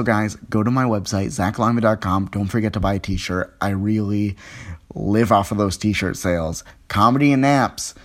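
Rambling low-voiced podcast host. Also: male voice. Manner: rambling, self-mocking, lots of fillers. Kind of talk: casual podcast intro and sponsor reads. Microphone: phone.

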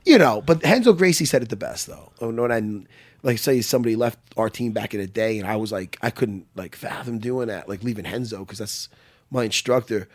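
A man, a jiu-jitsu instructor telling profane, animated stories as a podcast guest. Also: fairly low pitch, fairly quick. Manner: animated, profane, lively storytelling. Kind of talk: casual chat.

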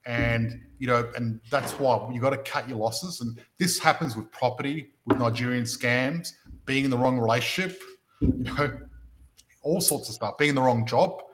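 A man's voice: medium pitch, moderate pace, fairly bright tone. An Australian man hosting a property-investment podcast, chatting casually and making his points through stories and rhetorical questions.

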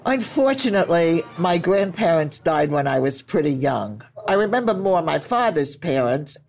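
Older woman, grandmother and storyteller. Lively delivery, laughs easily, faint music behind. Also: lowish voice, moderate pace, gravelly. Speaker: grandmother interviewed by her grandson. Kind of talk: family storytelling.

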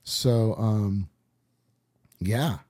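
Mellow-voiced socal guy rambling through old stories, lots of ums and likes. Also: on the low side, very slow. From Southern California. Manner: laid-back rambling, many fillers. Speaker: musician guest. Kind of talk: casual storytelling chat.

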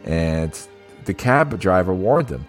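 A low-pitched man chatting casually about a favourite film, with faint synth music behind him. He laughs often and slips into playful bits of the film's dialogue, with a loose, rambling flow. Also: very animated, slow pace. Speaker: podcast co-host. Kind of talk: casual film review chat.

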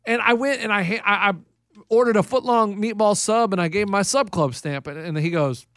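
A man hosting a radio show, telling stories in casual banter and getting loud as he retells a quarrel. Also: high voice, a little fast, no room sound, studio quality. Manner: animated storyteller, gets loud when retelling anger. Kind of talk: casual sports radio chat.

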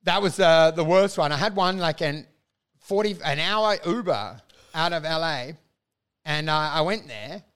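An Australian man, a stand-up comedian, rattles through crude, animated stories in a relaxed podcast chat. His voice sits high for a man. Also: unhurried, clear, resonant tone. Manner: profane, animated storytelling.

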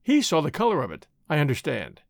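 A man's voice: fairly high pitch, huge pitch swings, brisk, creaky, no echo, clean studio sound, voice pushed down, full character voice. A man reading the part of a lazy, ironic young nobleman in an audiobook, drawling and mildly mocking. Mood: languid.

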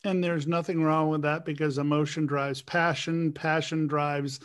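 A man hosting an interview, asking reflective questions in measured, philosophical phrasing. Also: a little high, little pitch movement, clear, resonant tone. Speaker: interview host.

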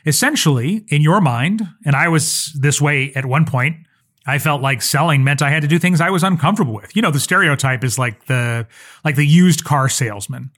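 A man's voice: fairly high pitch, lively intonation, normal speed, fairly bright tone. A man hosting a solo podcast as a social media coach, talking in an earnest, conversational way with personal stories. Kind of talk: solo podcast teaching talk.

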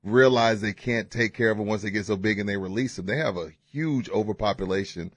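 A man co-hosting a radio show, telling stories in an excited, animated way in a studio. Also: on the low side, fairly quick, husky, no room sound. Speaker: radio co-host. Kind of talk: casual radio banter. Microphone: studio microphone.

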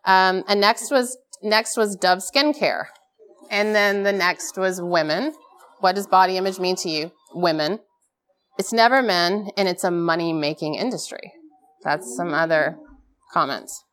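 A woman in her thirties speaks at a conference before a live audience, her voice sitting a little low. She talks candidly and pokes fun at herself, with quick laughs along the way. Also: fairly bright tone. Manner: candid, self-deprecating, laughs often. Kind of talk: live keynote talk.

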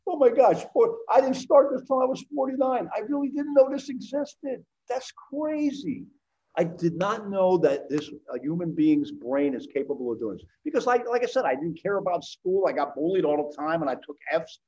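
A man's voice: high voice, expressive, normal speed, mellow, lo-fi sound. Enthusiastic rambling man in his sixties. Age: 60s. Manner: enthusiastic, rambling, repeats words for emphasis. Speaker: podcast guest. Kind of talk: casual interview chat.

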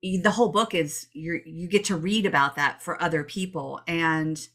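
A middle-aged woman co-hosting a podcast, telling stories in a chatty, animated way. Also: low-pitched, moderate pace. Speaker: podcast co-host. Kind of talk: casual chat.

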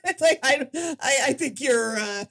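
A woman co-hosting a podcast, joking about a horror film with quick restarts. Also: high voice, fairly bright tone. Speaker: podcast co-host. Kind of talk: casual movie recap chat.

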